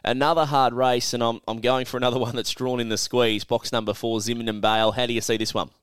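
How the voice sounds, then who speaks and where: A man's voice: medium pitch, little pitch movement, quick pace, a bit bright, clear, resonant tone, dry recording. A man co-hosting a casual greyhound racing tips chat, thinking aloud and asking his co-host questions.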